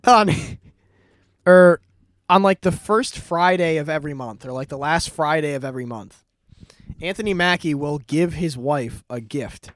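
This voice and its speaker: A man's voice: on the high side, unhurried, a bit bright, no echo. A man casually retelling a plot in a rambling way, laughing often and swearing freely. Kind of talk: casual chat.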